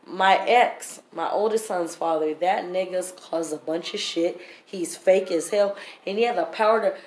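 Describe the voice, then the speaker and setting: Telling her story in a storytime vlog, a woman is blunt, heated and profane. Her mid-range voice has a darkish tone, and the recording carries a roomy echo with faint background noise.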